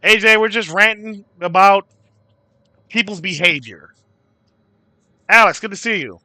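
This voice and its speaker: A man rants to his livestream chat, swearing casually and calling out viewers by name. His voice sits high and sounds very bright and sharp. The sound is close and dry, with almost no room around it. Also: unhurried, dry recording. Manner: swearing freely. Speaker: livestream host.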